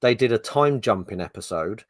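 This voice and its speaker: A man's voice: lowish voice, lively intonation, normal speed, no room sound, studio quality. A middle-aged man co-hosting a podcast, ranting in exasperation and swearing freely in casual chat. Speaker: podcast co-host.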